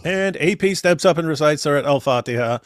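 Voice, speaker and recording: Guy ranting on his livestream, kinda high voice, dry close sound, keeps saying guys and repeating himself. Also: lively intonation, quick pace, dry recording. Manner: emphatic, repeats words, keeps addressing the audience. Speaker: livestream host. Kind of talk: casual livestream commentary.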